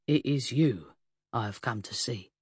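A woman voicing a husky, earnest male police inspector. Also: a little mellow, no room sound, exaggerated voice. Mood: earnest, tender. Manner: halting and solemn, speaking low and gravely. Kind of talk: audiobook character voice.

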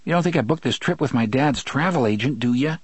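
A man voicing a frightened, earnest young boy in a storybook reading, lifting his voice higher. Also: lively intonation, fast, slightly rough, dry recording. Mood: defensive. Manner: raised boyish pitch, hushed when whispering.

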